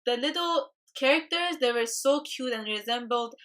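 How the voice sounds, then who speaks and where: A woman's voice: on the high side, moderate pace, fairly bright tone. A young woman reacting to a music video as a YouTube host, chatty and gushing with emotion.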